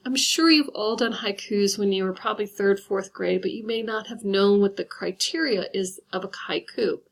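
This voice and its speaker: A woman teacher giving a recorded lesson, patiently explaining step by step and slowing down to count things out. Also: medium pitch, gravelly, a bit bright. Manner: patient, instructive, guides step by step.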